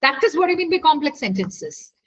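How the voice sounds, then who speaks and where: An IELTS speaking tutor teaches a live online lesson, coaxing her students and repeatedly checking that the class follows. Her high voice swings widely in pitch and runs a little fast, heard through lo-fi video call audio.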